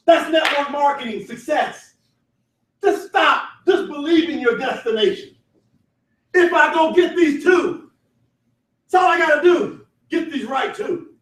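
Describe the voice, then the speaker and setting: Man, motivational sales trainer, loud call-and-response, echoing hall. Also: very high voice, unhurried, a little hiss or hum. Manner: shouting, laughing, call-and-response with crowd. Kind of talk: motivational seminar talk. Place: large event hall. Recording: echoey hall, voice from far off.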